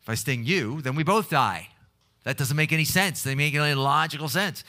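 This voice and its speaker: A man's voice: a little high, normal speed, pushed and bright. A man telling of a sly fable scorpion. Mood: matter-of-fact.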